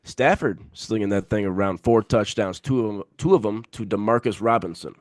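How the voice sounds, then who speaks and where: A man's voice: fairly low pitch, brisk, dry recording, studio quality. A man co-hosting a sports podcast in casual banter, emphatic and repeating his picks for effect.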